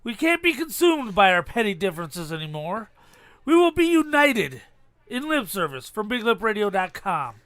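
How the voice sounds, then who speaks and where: A man's voice: high-pitched, sing-song, normal speed, fairly bright tone, dry recording. A man imitating a president giving a rousing war speech, solemn and over-emphatic.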